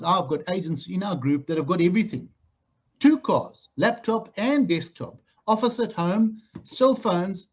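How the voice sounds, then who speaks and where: South african guy coaching new agents, husky, kinda high voice, blunt, pokes fun at the room. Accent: South African English. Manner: blunt, animated, teasing the room. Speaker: real estate trainer. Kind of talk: training talk to new agents. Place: training room with a group.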